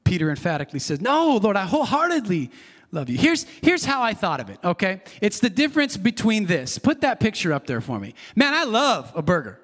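Earnest high-voiced male pastor preaching. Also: sing-song, brisk, few pauses, a bit bright, big-room sound. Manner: earnest, conversational preaching with repetitions and asides. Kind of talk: sermon.

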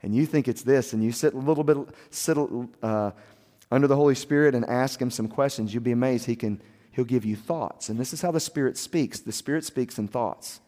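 A soft-spoken man preaching a sermon as a pastor, telling his story in an earnest, confessional way. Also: medium pitch, a little fast. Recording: long hall reverb.

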